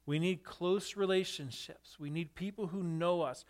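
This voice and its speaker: Lively male pastor telling a story. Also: high voice, measured pace. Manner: animated, asks the listeners questions. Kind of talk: sermon storytelling.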